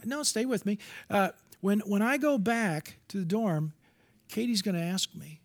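A man's voice: very high voice, measured pace. A middle-aged man preaching a sermon, earnest and storytelling, acting out bits of dialogue.

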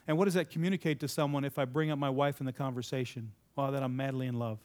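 A man with a mid-range, slightly mellow voice speaks quickly in a steady tone while addressing a live audience. His talk is conversational and sermon-like: he asks questions, repeats the answers back, and makes sudden emphatic lifts.

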